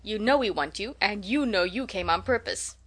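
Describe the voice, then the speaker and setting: A woman voicing an eager, warm-hearted older sister. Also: mid-range voice, expressive, normal speed. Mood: affectionate. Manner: affectionate, coaxing, lightly bossy.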